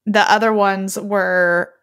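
A woman gently prompting a friend with casual interview questions. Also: mid-range voice, flat delivery, takes it slowly, clean tone.

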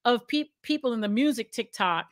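A woman co-hosting a casual conversation, chatty and quick to laugh, filling her sentences with "like.". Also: fairly high pitch, animated, no echo, studio quality. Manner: chatty and laughs often, heavy use of "like".

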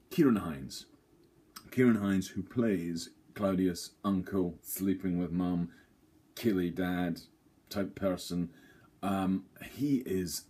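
Husky, low man rambling. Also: mellow. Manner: rambling, self-deprecating, jokey, many fillers. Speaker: theatre reviewer. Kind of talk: casual to-camera review.

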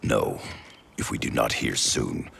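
Deep raspy warrior chief. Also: male voice, fairly even intonation, a little slow, a bit bright, slight background noise, exaggerated voice. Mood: grave. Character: stern deep-voiced male warrior leader. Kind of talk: video game cutscene voice acting.

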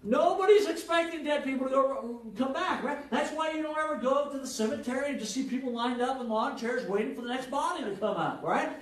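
High-voiced man preaching in an echoey hall. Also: fairly quick, hardly any pauses. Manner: conversational preaching, frequent "right?" checks with the congregation; animated, jokes and acted-out quotes. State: jet lagged. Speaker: pastor. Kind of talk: sermon. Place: church hall with congregation. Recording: echoey hall, mic at a distance.

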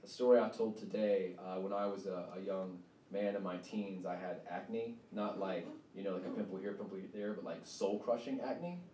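A man's voice: low-pitched, moderate pace, few pauses, mellow. A male author giving a conversational public talk at a university, often asking "right?". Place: university event hall. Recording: echoey hall, mic from far off, faint noise.

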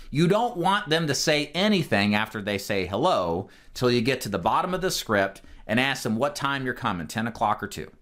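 Male sales coach, mid-pitched, direct and emphatic, teaching a group with casual fillers. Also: a bit bright. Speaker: insurance sales trainer. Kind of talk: instructional talk to a group.

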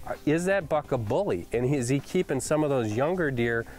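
A middle-aged man hosting a hunting show, recapping a hunt in a casual, excitable way. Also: mid-range voice, fairly quick. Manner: excitable, enthusiastic storyteller.

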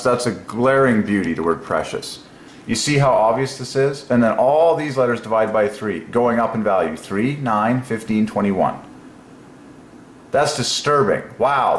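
A man hosting a casual solo video, musing aloud and breaking into excited exclamations. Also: on the low side. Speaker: religious video host. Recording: echoey room with faint noise.

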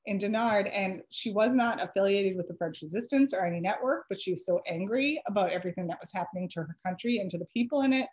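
A woman author giving a chatty slide presentation, pausing with ums and correcting herself, her voice a little dry from allergies. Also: medium pitch, darkish tone, dull audio. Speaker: author giving a library talk.

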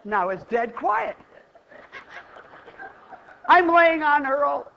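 Animated woman keynote storyteller. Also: high voice, extremely slow, gravelly, slight background noise. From Iowa, USA. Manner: animated, playful, theatrical. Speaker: keynote speaker. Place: stage before a live audience. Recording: dull, muffled lo-fi recording.

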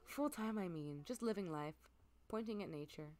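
Gushing excitable woman streamer. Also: lowish voice, normal speed. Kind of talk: casual gameplay commentary.

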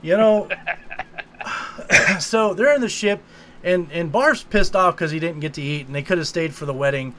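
A man's voice: a little high, normal speed, long pauses, a little hiss or hum. A man co-hosting a casual podcast, retelling a movie with profanity and acting out the lines. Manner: animated storyteller, swears, acts out lines. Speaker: podcast co-host. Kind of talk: casual movie recap chat.

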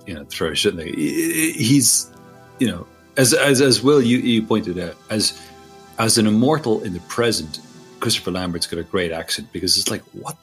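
A man's voice: on the low side, animated, normal speed. A man, rambling and laughing through a casual film commentary. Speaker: podcast guest. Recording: faint music behind.

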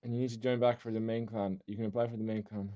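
Over dull, lo-fi game voice chat, a man with a non-native English accent bosses his clan into a training match, cursing at players to hurry and join. His voice is fairly low and dark, his delivery flat and fast, his mood impatient.

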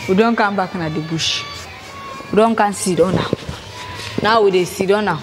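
A young woman tells her story in West African pidgin English, haltingly and without polish. Her pitch sits in the middle of a woman's range. She acts scenes out as she speaks, and faint music plays behind her. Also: crowd noise. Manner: halting, plain-spoken, re-enacts scenes aloud. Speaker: former child soldier giving testimony. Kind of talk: personal testimony.

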